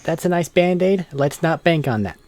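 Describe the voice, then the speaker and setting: A man's voice: on the high side, lively intonation, moderate pace, a little mellow. A man playing a tabletop role-playing game, thinking aloud and chuckling as he plans. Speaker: player. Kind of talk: casual tabletop role-play chat.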